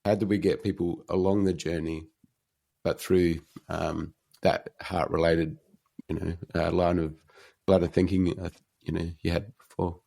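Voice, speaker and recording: Deep, gravelly man asking halting questions. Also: flat delivery, warm tone. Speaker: podcast host. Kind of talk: interview questions.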